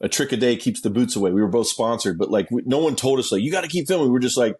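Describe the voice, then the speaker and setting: A man with a husky, slightly breathy voice tells a story as an interview guest. He acts out every quote, jumping up in pitch for them, and swears and laughs freely along the way. His pitch sits in an ordinary middle range. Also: very fast. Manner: animated, acts out quotes with sudden pitch jumps. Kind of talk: casual storytelling.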